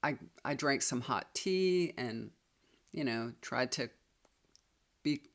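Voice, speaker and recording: A woman's voice: rumbling low, animated, takes it slowly. A woman, likely in her fifties, telling a personal story to viewers in a chatty, confiding way. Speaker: tarot reader and healer.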